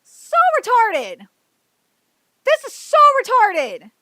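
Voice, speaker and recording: A woman's voice: very high voice, wildly swooping pitch, slow, fairly bright tone, no echo. A woman hosting a livestream, ranting heatedly and profanely, rambling with restarts and fillers. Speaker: livestream host. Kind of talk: livestream commentary rant.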